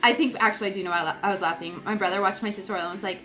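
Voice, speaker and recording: A woman's voice: fairly low pitch, rapid-fire, a bit bright, soft background music, low-quality recording. A young woman chatting casually through a makeup tutorial, giggly and self-mocking, with offhand asides. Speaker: beauty vlogger.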